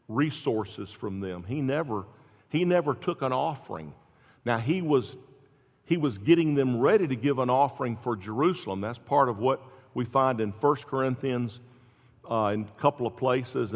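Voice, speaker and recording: Gravelly preacher man in a reverberant hall. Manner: emphatic, rising in pitch and volume at key points. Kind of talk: sermon. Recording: dull sound with long reverb in a hall.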